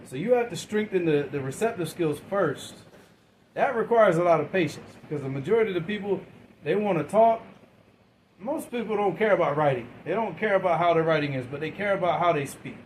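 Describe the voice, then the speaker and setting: A man's voice: high-pitched, expressive, a little fast, a little hiss or hum, rough recording. A man giving a classroom lecture, asking his students questions and waiting for answers, often repeating and restarting words in an informal way. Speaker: teacher.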